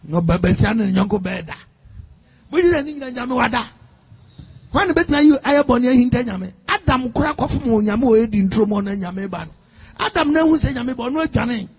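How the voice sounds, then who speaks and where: A man's voice: extremely high pitch, expressive, a little fast, husky. A man with a Ghanaian accent preaching a sermon, emphatic, mixing in English phrases and sometimes half-singing his lines.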